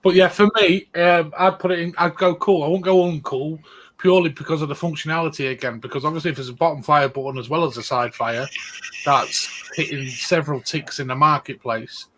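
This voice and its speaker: A man's voice: on the high side, steady tone, a little fast, fairly bright tone, poor audio. A man hosting a panel show, chatting casually in a blunt, jokey way and swearing now and then.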